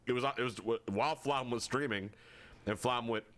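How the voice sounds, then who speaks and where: A man's voice: medium pitch, normal speed, fairly bright tone. A congested man co-hosting a casual gaming podcast, laid back and swearing casually. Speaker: podcast co-host.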